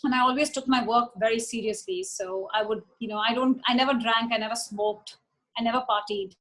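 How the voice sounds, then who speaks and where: A woman's voice: a little high, fairly even intonation, a little fast, fairly bright tone, poor audio. A woman, chatting as an interview guest and retelling old stories with quoted voices. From India. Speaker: interview guest, former model. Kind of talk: casual storytelling.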